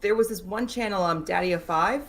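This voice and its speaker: A woman's voice: medium pitch, fairly quick, fairly bright tone. A woman in casual chat among friends, adding her own examples to the conversation.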